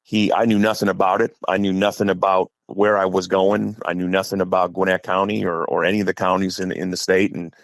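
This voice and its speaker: Gravelly Midwestern man spinning a yarn. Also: low voice, no echo. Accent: Upper Midwest. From Wisconsin. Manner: chatty, rambling storyteller. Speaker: guest, high school head football coach. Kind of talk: casual podcast storytelling.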